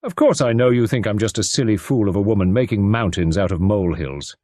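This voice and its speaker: A man's voice: fairly low pitch, lively intonation, a little fast, mellow, dry recording, close to an everyday voice. A worried American mother around thirty pours out her fears, earnest and pleading, with an American accent, a man doing her voice. Her lines swing up and down with feeling. The sound is close and dry, with no room around it. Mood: anxious.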